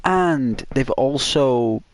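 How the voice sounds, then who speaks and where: A man hosting a gaming channel, giving soft, drawn-out semi-ASMR commentary on gameplay, sometimes whispering. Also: mid-range voice, expressive.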